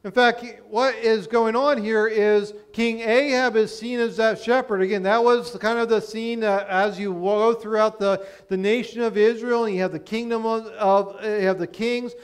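A man's voice: sits high, steady tone, moderate pace, hardly any pauses, clean tone. A man from Pennsylvania preaching a sermon in a conversational way, explaining with rhetorical questions.

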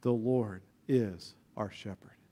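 A man preaching a sermon as pastor, rising to loud emphatic passages and dropping to quiet, low stretches. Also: slow pace.

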